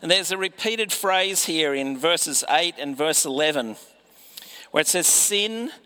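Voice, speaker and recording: A man's voice: on the high side, measured pace, bright, forceful tone, smooth. A man preaching a sermon in a conversational way, often putting rhetorical questions to his listeners.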